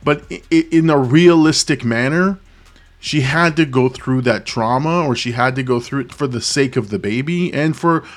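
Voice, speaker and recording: A man's voice: medium pitch, moderate pace. A man hosting a movie reaction channel, giving a casual spoken review. He thinks aloud, searches for words, circles back on himself and speaks openly about his feelings.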